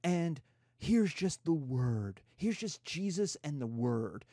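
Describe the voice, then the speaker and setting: A man's voice: on the high side, sing-song, takes it slowly, dark tone, no room sound, studio quality. A man giving a casual, irreverent history lecture, acting out quotes in slangy voices.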